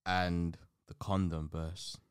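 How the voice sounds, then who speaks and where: Deep-voiced young man, laid-back. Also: level tone, takes it slowly, smooth, dry recording, studio quality. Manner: laid-back, slangy, keeps saying innit. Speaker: podcast host. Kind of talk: casual chat.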